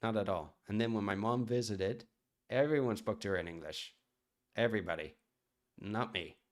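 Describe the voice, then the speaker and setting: A man's voice: fairly low pitch, moderate pace. A man from the United States, a chef chatting casually on a live stream and answering viewer questions in a rambling way.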